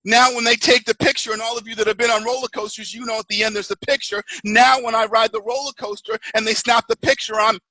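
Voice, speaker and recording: A man giving a motivational talk as a network marketing mentor, telling stories in an animated way and acting out screaming riders. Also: high-pitched, fast talker, hardly any pauses, no room sound, low-quality recording.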